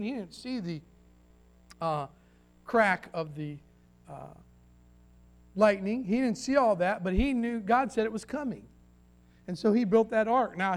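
A male pastor delivering a sermon in a high-pitched voice. He preaches in a down-home, emphatic way, repeating phrases and turning to the congregation with questions. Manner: folksy, emphatic preaching with repetitions and asides to the congregation.

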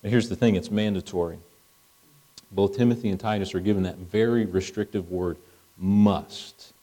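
A man's voice: low-pitched, fairly even intonation, normal speed, warm tone, rough recording. A middle-aged man preaching a sermon in a conversational way, acting out dialogue as he goes.

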